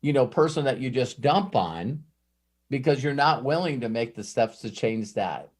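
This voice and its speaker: A man leads a live coaching session at an ordinary middle pitch. He tells lively stories and acts out bits of dialogue in other voices. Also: normal speed, breathy edge. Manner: animated storyteller, acts out quoted dialogue. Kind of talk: live mastermind coaching talk.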